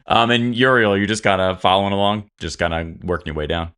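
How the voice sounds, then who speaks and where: Man running a tabletop game, deep and smooth, loose rambling narration. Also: fast talker, fairly bright tone. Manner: rambling, many fillers. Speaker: game master.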